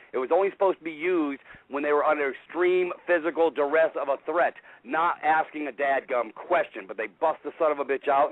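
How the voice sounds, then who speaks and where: A man's voice: on the high side, no echo. American man, caller, angry, blunt, phone-line sound. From United States.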